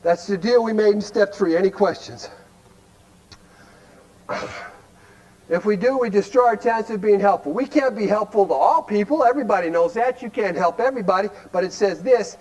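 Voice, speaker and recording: A man's voice: high voice, moderate pace, darkish tone, low-quality recording. A man from Cleveland, Ohio, giving a folksy, blunt recovery workshop talk, constantly quizzing his audience with rhetorical questions. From Cleveland, Ohio, United States.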